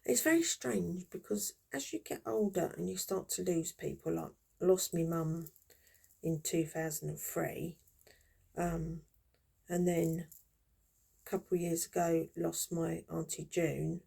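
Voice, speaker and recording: A woman's voice: fairly low pitch, a little slow, gravelly, dark tone, breathy edge. A woman in her fifties chatting casually and reminiscing while she crochets, in a rambling, friendly way. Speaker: crafter vlogger.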